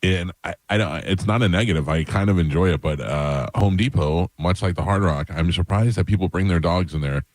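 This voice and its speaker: Guy hosting a radio show, really low voice, dry studio sound, tells stories and does silly voices. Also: fairly quick, few pauses, darkish tone, no echo. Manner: storytelling, acts out voices in high falsetto. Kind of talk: casual studio banter. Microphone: studio mic.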